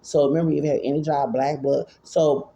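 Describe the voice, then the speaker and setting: A vlogger in his forties from Houston, Texas, offers casual commentary that rambles, repeats itself, and stammers. His voice is mellow and dark with a gravelly fry, sitting on the high side with little pitch movement at a moderate pace.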